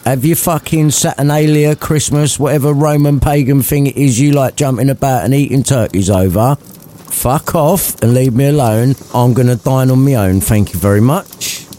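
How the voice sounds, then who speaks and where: A man's voice: mid-range voice, normal speed, a little hiss or hum, pitched above the performer's own voice, lightly acted. Man doing a foul-mouthed bitter old miser. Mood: furious. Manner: loud foul-mouthed rants. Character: crude swearing old male miser, bitter and sarcastic.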